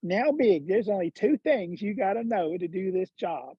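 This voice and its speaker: A man's voice: high-pitched, expressive, moderate pace, breathy edge, no room sound, voice pushed up. A man playing a blunt, crude male golf broadcaster with a put-on Georgia drawl. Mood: instructing. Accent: Southern US (Georgia), as put on. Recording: dull lo-fi sound.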